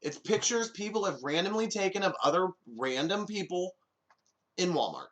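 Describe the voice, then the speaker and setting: Man host, solo comedic commentary, sarcastic quips, lively bouncing pitch, slightly high voice. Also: normal speed, a little hiss or hum. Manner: jokey, sarcastic asides. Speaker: podcast host.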